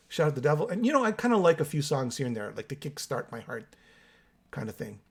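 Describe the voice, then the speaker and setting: Brisk and slightly rough, this man's fairly high voice swings widely in pitch. He hosts a metal music channel, and in this casual solo podcast he reacts, reads comments, and shares opinionated, chatty takes aimed directly at viewers while still waking up with coffee.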